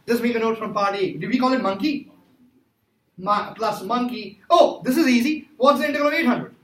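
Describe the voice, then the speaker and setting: High-voiced man teaching math in an echoey classroom. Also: fairly quick, fairly bright tone. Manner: emphatic, repeats himself, quizzes students. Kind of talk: classroom lecture. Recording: echoey classroom with faint noise.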